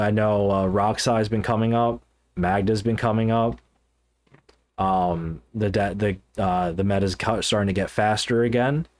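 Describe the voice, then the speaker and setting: A man talks through his points on a casual podcast in a fairly low voice. He stumbles and restarts often and fills pauses with "um" and "uh" as he thinks aloud. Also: darkish tone. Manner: halting, with many fillers and restarts. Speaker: podcast co-host. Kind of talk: casual podcast chat about card games.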